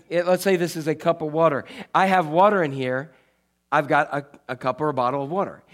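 A man's voice: sits high, fairly bright tone. A man preaching a sermon as a pastor, conversational and playful, often checking in with his listeners. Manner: playful, jokey asides.

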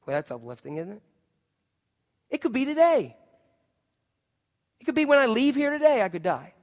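Male pastor, sermon delivery, dynamic loud-to-hushed, high pitch, long reverb. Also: big pitch swings, normal speed, long pauses. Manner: dynamic preaching, swinging from loud emphatic to hushed.

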